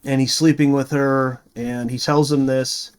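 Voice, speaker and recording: A man's voice: medium pitch, flat delivery, a little slow, clean tone. A man reviewing a movie, retelling the plot in a rambling, casual way full of fillers and restarts.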